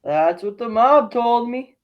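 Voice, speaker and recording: A man's voice: extremely high pitch, expressive, slow, heavily acted. A man playing a chill, rambling casting assistant, offhand, muffled video call sound. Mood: shrugging. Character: laid-back, scatterbrained young male casting assistant.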